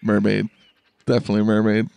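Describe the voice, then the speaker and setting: A man's voice: fairly low pitch, monotone, fairly quick, creaky, a little mellow, clean tone. A man playing a tabletop game, joking and laughing with the group. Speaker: player. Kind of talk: casual tabletop game chat.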